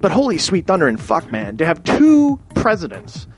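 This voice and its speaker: A man's voice: high-pitched, huge pitch swings, normal speed, soft background music. A man from Canada ranting in a rambling, profane way, with many restarts and sudden exclamations. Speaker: ranting commentator.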